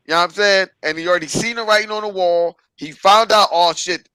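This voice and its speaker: A man's voice: sits high, quick pace, pushed and bright, clean tone, no room sound, rough recording. A man hosting a podcast, delivering a profane, preachy rant and repeating "stop it". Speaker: podcast host. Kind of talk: ranting podcast commentary.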